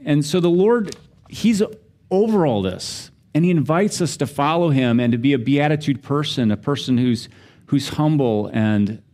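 A man's voice: mid-range voice, darkish tone. A middle-aged man from the United States, a pastor preaching a sermon in a chatty, self-deprecating storytelling way. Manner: conversational, self-deprecating, laughs while telling stories.

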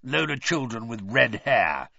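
A man's voice: medium pitch, very animated, a little slow, creaky, pushed and bright, no echo, full character voice. A man voicing a stout, bad-tempered middle-aged uncle who growls and hisses his blustering, outraged lines. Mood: disdainful. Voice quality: growling, hissing. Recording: dry, slightly dull recording.

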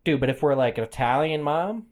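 A man's voice: on the high side, expressive, a little fast, darkish tone. A young man co-hosting a comedy podcast, swearing often and calling his friend dude. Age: young adult. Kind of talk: casual comedic chat.

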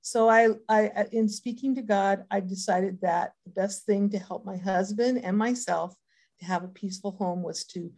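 A woman's voice: mid-range voice, fairly even intonation, normal speed, a little mellow. Rambling older woman sharing her habits. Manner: rambling, lots of hesitant fillers; earnest and reflective. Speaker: recovery group member. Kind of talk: personal sharing talk.

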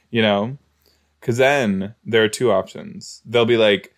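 A man's voice: fairly low pitch, fairly even intonation, brisk. A man giving casual, exclamatory commentary while reacting to a show, talking back to the screen. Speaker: reaction video host.

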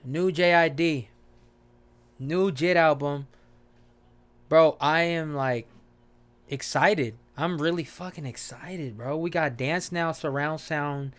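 A man hosting a casual album reaction, excitable and swearing freely as he hypes each track. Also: on the high side, slow pace, pauses often. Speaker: music reaction host.

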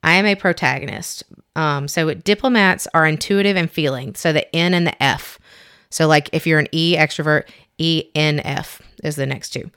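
Woman podcast host, kinda low voice, reads stuff out loud and trips on words, laughs a lot. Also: clean tone. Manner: chatty, reads haltingly with giggles and self-corrections. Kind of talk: casual chat reading test results aloud.

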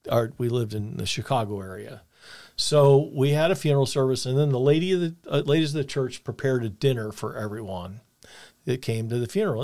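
A man's voice: mid-range voice, gravelly, darkish tone. Older male storyteller, earnest and reflective, mid-range voice. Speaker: podcast co-host. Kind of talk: personal storytelling.

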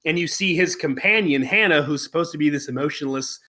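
A man's voice: a little high, fairly quick, bright, forceful tone. A man co-hosting a podcast, reviewing an anime in casual chat, wry and rambling with plenty of fillers and restarts. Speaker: podcast co-host.

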